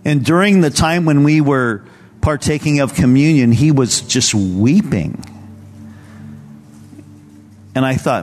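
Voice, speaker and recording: A man delivers a sermon at a church service in a mid-range voice. He speaks earnestly but casually, as if chatting with the congregation. Soft music plays faintly behind him. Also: medium pitch, normal speed, long reverb tail. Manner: conversational, earnest storytelling. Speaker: pastor.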